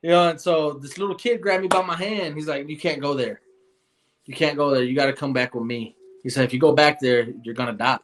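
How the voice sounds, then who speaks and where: A young man recounts his experiences in a loose, earnest interview manner. He rambles and restarts his sentences, filling gaps with "you know", and his voice sits a little high for a man. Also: fairly even intonation, fairly quick. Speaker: guest. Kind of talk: casual storytelling interview.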